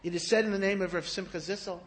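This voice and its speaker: A man giving a sermon, telling stories in an animated way that rises to emphatic peaks. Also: sits high, quick pace. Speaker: rabbi giving a talk. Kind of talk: storytelling sermon.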